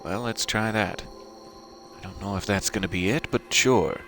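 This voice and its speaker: A man's voice: on the low side, moderate pace, fairly bright tone, soft background music. A man streaming a video game live, commenting in a playful, mock-formal joking way.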